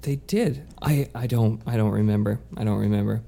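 Brief: American man, relaxed co-host, halting casual delivery. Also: on the low side, gravelly. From United States. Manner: easygoing, hesitant, many fillers and restarts. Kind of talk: casual chat.

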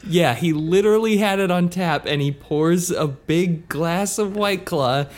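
A man with a high-pitched voice speaks a little slowly while co-hosting a casual podcast chat. He tells a loose, rambling story packed with fillers and joking asides, and he swears casually.

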